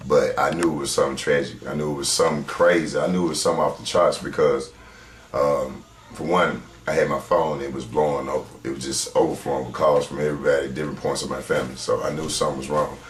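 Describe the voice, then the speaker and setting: A man's voice: rumbling low, fairly even intonation, fast. A man in a documentary interview, talking in an emphatic, rambling way while searching for words. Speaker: interviewee, cousin of the victim. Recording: roomy echo.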